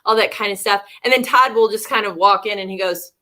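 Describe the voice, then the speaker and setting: Female co-host, bright-voiced leadership coach, open and reflective. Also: mid-range voice, brisk. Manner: reflective, laughs often, many restarts. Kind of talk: candid casual conversation.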